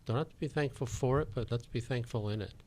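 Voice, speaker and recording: A man in a radio studio asking listeners for donations, relaxed, folksy and sincere. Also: mid-range voice, fast talker. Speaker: radio show fundraiser.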